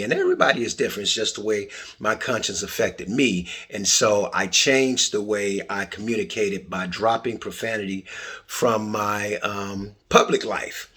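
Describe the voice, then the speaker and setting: Husky-voiced man hosting a podcast. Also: lowish voice, moderate pace. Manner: animated storytelling, swings between loud bursts and quiet asides. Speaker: podcast host. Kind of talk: casual solo podcast intro.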